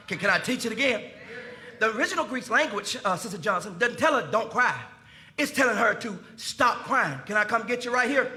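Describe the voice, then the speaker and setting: A pastor, preaching a sermon in a folksy style, speaking to his congregation and building to shouts. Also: extremely high pitch. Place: church sanctuary.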